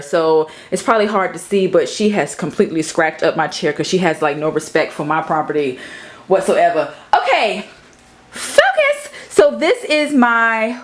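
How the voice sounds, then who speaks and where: A woman in her thirties giving a casual, playful tour of her home office studio, talking to the camera and sometimes to her cat. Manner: chatty, playful, breaks into high baby-talk with her cat. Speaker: vlogger.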